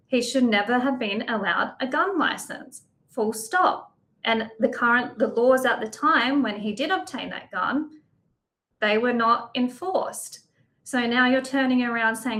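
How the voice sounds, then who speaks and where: A woman's voice: a little high, unhurried, a bit bright. An Australian woman speaking as a guest, blunt and emphatic, talking with rising indignation. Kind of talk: impassioned interview talk.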